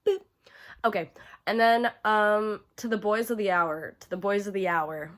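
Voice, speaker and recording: A woman's voice: mid-range voice, fairly even intonation, unhurried. A young woman giving casual, profane ranking commentary to camera, chatty and full of fillers, gushing about favorites. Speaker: horror video creator.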